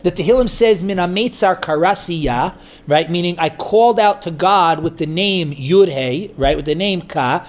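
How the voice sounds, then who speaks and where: A man's voice: high-pitched, normal speed. A man leading an informal Torah study class, thinking aloud frequent restarts and fillers. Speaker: Torah teacher.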